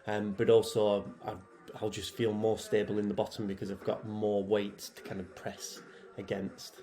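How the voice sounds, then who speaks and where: Mellow-voiced man, chatty commentary. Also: fairly low pitch, moderate pace. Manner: relaxed and chatty, with many fillers and restarts. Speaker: head programmer and athlete. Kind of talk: casual voice-over commentary on his own workout footage.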